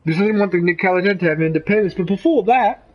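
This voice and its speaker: High-voiced Australian man ranting casually. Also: fast talker, lo-fi sound. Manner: rambling, opinionated, swears freely. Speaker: gaming streamer. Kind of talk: casual commentary over gameplay.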